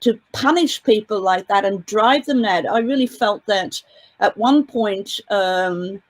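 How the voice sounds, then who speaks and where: A woman of middling pitch talks through an interview as a guest commentator. She winds through long, complex sentences, restarting and hedging with frequent fillers as she gathers her thoughts. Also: a little slow, poor audio. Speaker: guest commentator on a court case. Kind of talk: casual interview talk.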